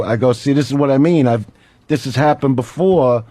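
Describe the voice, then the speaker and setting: A man's voice: mid-range voice, normal speed, dry recording. A man telling a comic story on a radio talk show, acting out both sides of a phone call and laughing as he goes. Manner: animated, acts out phone calls, laughs while telling. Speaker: guest comedian.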